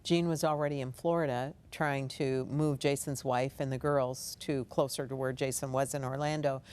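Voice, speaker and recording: A woman's voice: extremely low pitch, steady tone, normal speed, a little mellow. A middle-aged woman appearing as a guest on a television talk show, telling a personal story earnestly and from the heart, recorded in a TV studio.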